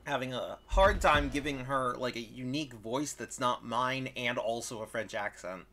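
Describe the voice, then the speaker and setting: A man hosting a game playthrough, reading the dialogue aloud in an animated, dramatic way and commenting on his own voices. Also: mid-range voice, normal speed. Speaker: let's-play host reading all parts. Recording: voice with game music behind.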